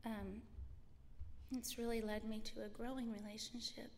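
A woman reading scripture aloud and giving a personal testimony in church, slow and earnest, breaking off and restarting. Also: fairly high pitch, flat delivery, darkish tone. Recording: reverberant hall with faint background noise.

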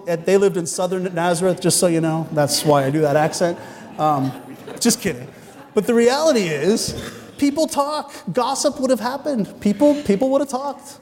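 A male pastor preaching a Sunday sermon in a church sanctuary. His voice sits fairly high for a man and carries a long hall reverb. He retells the story earnestly and drops in wry jokes. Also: brisk, darkish tone. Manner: earnest, storytelling, with joking asides.

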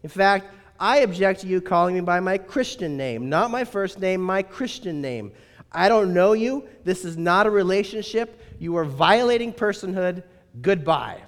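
Guy doing a stern scottish pastor voice, loud and forceful, echoey big room. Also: high voice, animated, moderate pace. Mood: indignant. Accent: Scottish, put on. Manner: forceful, emphatic, clipped. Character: blunt older male Scottish pastor, indignant. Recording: reverberant hall.

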